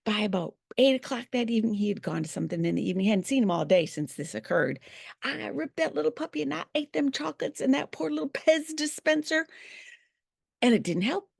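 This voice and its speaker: An older woman with a gravelly, textured voice shares a personal story straight to camera in a folksy, expressive way. Her pitch rises and falls widely as she leans into each point, and the sound is close and dry. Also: no room sound. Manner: folksy, expressive, shifting emphasis. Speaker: vlogger, bullying educator.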